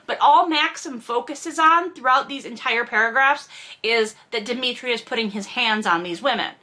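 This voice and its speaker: A woman with a bright, clear voice reads passages from a novel and then stops to pick them apart. Her asides are dry and sarcastic, delivered in an unhurried, conversational way. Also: fairly high pitch. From from a Russian family. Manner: sarcastic, wry asides between read passages. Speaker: podcast host reading and critiquing a novel. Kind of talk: casual reading with commentary.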